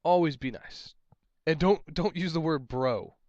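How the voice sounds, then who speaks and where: A man's voice: fairly high pitch, measured pace, darkish tone, no echo, dull audio. A young man, a tournament judge, giving casual advice in a rambling, exasperated way that often repeats itself.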